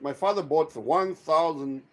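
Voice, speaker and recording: A man hosting a casual livestream chat, swearing a lot and telling stories with animated energy. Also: a little high, a little slow. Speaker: livestream host.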